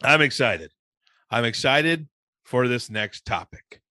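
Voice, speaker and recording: A man co-hosting a podcast in casual chat, laughing often and thinking out loud with playful teasing. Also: medium pitch, lively intonation, slow, dry recording, studio quality. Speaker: podcast co-host.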